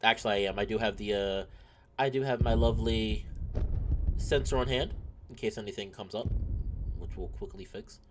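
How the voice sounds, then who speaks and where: A man's voice: on the low side, moderate pace, long pauses, noisy background. A man chatting casually as he streams a visual novel, rambling and self-deprecating over game music. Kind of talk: casual gaming commentary.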